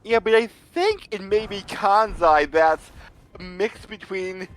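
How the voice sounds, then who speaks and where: A man's voice: high-pitched, slow pace. A man chatting casually and rambling about a game. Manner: rambling, many fillers. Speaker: gameplay co-host. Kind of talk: casual gaming chat.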